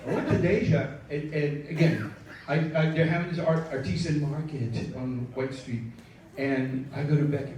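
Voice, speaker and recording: On stage at a live storytelling event, a man who is a storyteller and show producer tells a profane, rambling story and jokes with the audience. His voice is on the high side and darkish, with fairly even intonation at a moderate pace. The room is echoey and the mic sits at a distance.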